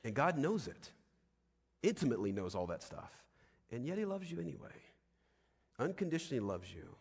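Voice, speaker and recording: A man's voice: medium pitch, very animated, fairly quick, vocal fry, a little mellow, breathy edge. Emphatic male preacher in a reverberant hall. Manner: emphatic, with frequent rhetorical questions. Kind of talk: sermon.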